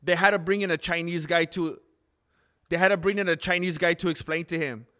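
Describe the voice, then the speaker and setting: A young man with a high, bright voice reacts to fights on his live stream. He jokes constantly and laughs often, with an easy, excitable delivery. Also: a little fast. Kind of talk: live fight commentary chat.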